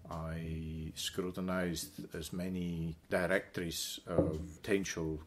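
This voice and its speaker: Deep-voiced farmer, halting. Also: male voice, flat delivery. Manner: deliberate, with frequent hesitant fillers and repeated words. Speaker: island livestock farmer. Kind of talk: reflective interview storytelling.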